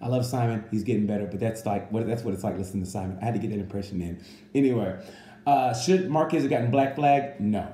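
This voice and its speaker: A man giving a casual, rambling comedic monologue that reviews a motorcycle race, full of animated asides. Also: on the low side, fast, echoey room, a little hiss or hum.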